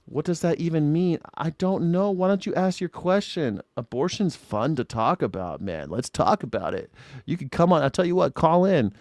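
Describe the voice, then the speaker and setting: A man's voice: a little high, very animated, moderate pace, darkish tone, no room sound, studio quality. A man hosting a casual live talk stream, ranting and mocking how people phrase their questions. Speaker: talk show host. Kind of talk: casual livestream chat.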